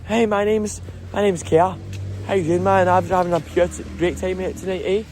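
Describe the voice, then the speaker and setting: A man voicing a brash young Glasgow ned with a raspy, cheeky, sing-song delivery in a Glaswegian accent. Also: sits high, fairly even intonation, moderate pace, darkish tone, a little hiss or hum, pitched above the performer's own voice, lightly acted.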